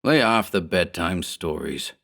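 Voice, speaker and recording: A man's voice: low voice, expressive, unhurried, creaky, fairly bright tone, full character voice. A man voicing a cocky, scornful 1930s gang boss who talks in harsh gangster slang, in a horror audiobook.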